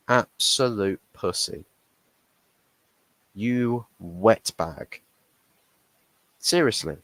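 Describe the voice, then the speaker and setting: A young man with a lowish voice rants through a football match reaction, swearing and mocking the referee. His voice sounds dry and close, with no room around it. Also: fairly bright tone, dry recording, poor audio. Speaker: football fan channel host. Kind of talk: heated match reaction stream.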